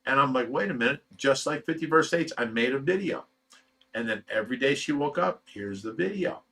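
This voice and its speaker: A man's voice: medium pitch, animated, a little fast, sharp tone. A middle-aged man from Ohio, hosting a casual livestream, reading chat and telling rambling personal stories full of fillers and emotion. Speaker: fish rescue channel host reading live chat.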